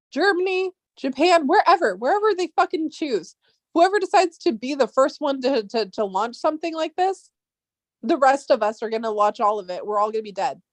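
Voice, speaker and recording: A woman's voice: high voice, dry recording. A woman vlogger ranting casually and heatedly, swearing often and rambling with restarts.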